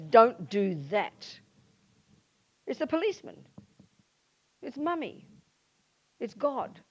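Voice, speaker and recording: An older woman with an Australian accent, a Buddhist nun giving a lively dharma talk to a live audience and acting out the voices she quotes. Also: a little high. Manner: animated, acts out quoted voices. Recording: muffled lo-fi talk recording.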